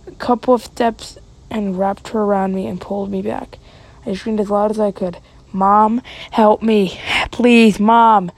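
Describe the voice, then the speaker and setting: A woman reading a spooky story aloud, her mid-range voice heavy with vocal fry. She reads dramatically, sometimes drops into a whisper and trips over words now and then. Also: mid-range voice, dark tone, no echo, rough recording. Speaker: story narrator.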